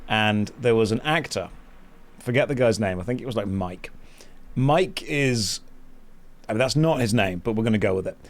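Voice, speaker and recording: A man's voice: lowish voice, animated, normal speed. British man telling wry stories. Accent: British English. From Britain. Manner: rambling anecdotal storytelling with wry humour. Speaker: streamer host. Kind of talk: casual chat while gaming.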